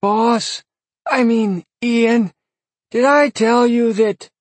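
A whiny, breathy little demon. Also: male voice, extremely high pitch, fairly even intonation, very slow, no echo, voice pushed up, full character voice. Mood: eager. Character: whiny, overeager male demon sidekick.

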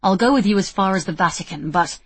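A woman's voice: mid-range voice, quick pace, husky, close to an everyday voice. A woman voicing a cowardly young man who complains and whines. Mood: sly. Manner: complaining, whining.

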